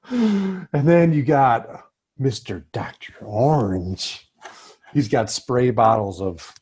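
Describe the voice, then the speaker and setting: A man hosting a relaxed chat show in a husky, slightly raspy voice. He jokes loosely and swears now and then. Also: mid-range voice, very slow, long pauses. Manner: joking and loose, with mild swearing. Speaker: host. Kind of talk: casual political chat.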